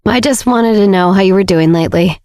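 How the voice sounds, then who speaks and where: A woman's voice: medium pitch, fairly quick, darkish tone, no echo, lightly acted. Woman doing a nervous young guy, stammering, rambling, audiobook voice, dry sound. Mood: hesitant. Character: nervous awkward young man, flustered. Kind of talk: audiobook character voice.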